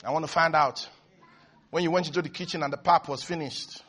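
A man preaching a sermon as a pastor, emphatic and repetitive, with sudden loud rises. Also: on the high side, fairly even intonation, a little fast, slightly rough.

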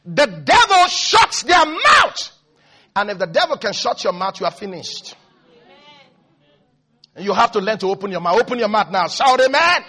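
A man preaching a sermon as pastor, often shouting and calling on the congregation to answer. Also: sits high, expressive, a little fast, pauses often, breathy edge.

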